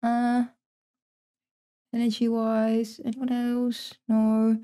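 Slow, higher-pitched young woman streamer. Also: completely flat delivery, mellow, smooth. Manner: chatty, swears freely, thinks aloud. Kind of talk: casual live-stream commentary while gaming.

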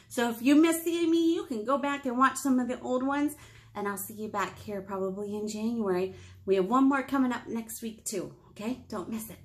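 A woman librarian reading a picture book aloud to young children, gentle and encouraging. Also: high voice. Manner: gentle, encouraging, sing-song. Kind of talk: storytime read-aloud for children.

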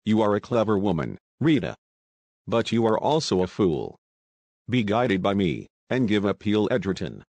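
A man voicing an excitable Russian male conspirator, speaking with urgent reproach. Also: fairly low pitch, moderate pace, no echo. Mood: agitated.

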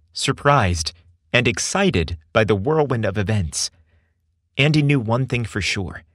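A man narrating a scripted story with expressive delivery. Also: medium pitch, no room sound, studio quality.

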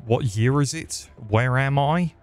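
A man's voice: mid-range voice, a little slow, soft background music. A man giving crude, rambling comedic commentary while he plays a video game. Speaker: gaming streamer. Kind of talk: profane comedic gameplay commentary.

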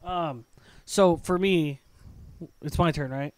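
A man's voice: on the high side, slow pace, clear, resonant tone. A man in casual podcast chat, joking crudely and swearing freely. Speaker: podcast co-host.

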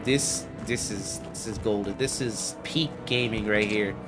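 A man giving excitable, profane, joking commentary over his gameplay. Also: lowish voice, measured pace, over loud music. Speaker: gaming video creator.

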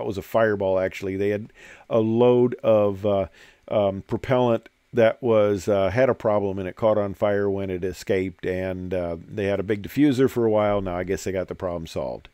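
A man's voice: on the low side, a little mellow, clear, resonant tone, no echo. Older man rambling through pilot stories. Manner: rambling storyteller with many fillers. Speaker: retired military pilot giving a presentation. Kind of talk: anecdotal presentation over slides.

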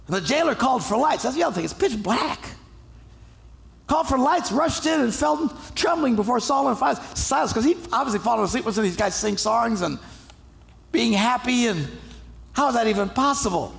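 A male pastor delivering a sermon, telling stories in a lively, humorous way and acting out the people in them. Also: high-pitched, moderate pace, vocal fry. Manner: animated, humorous storytelling with acted-out voices.

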